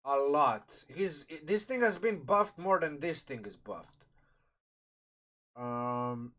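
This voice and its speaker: A man with a slightly high voice talks through a game rulebook on a live stream, thinking aloud as he goes. He rambles and restarts his sentences, and he is eating while he talks, so his words come out through a mouthful of food. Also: animated, slow, fairly bright tone. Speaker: streamer reviewing a game sourcebook. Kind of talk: casual live-stream commentary.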